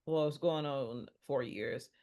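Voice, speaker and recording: A middle-aged woman with a very deep, darkish voice appears as a podcast guest in a personal conversation about mental health. She speaks earnestly, often pausing and restarting her sentences.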